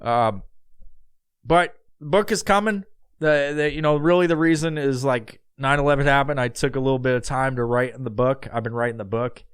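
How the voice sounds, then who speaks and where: A man's voice: medium pitch, moderate pace, clean tone, no room sound. A man in his thirties hosting his own podcast, talking casually and rambling with lots of swearing and filler words. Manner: rambling, profane, heavy fillers. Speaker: podcast host. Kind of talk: casual solo podcast outro.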